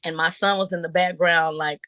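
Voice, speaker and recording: Middle-aged woman from buffalo ny, kinda low voice, tells her story with lots of ums and little acted-out quotes, dry sound. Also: fairly quick, no echo. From Buffalo, New York. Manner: animated storyteller, acts out quotes, laughs often; frequent um fillers and restarts. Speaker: guest business owner. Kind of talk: casual interview storytelling.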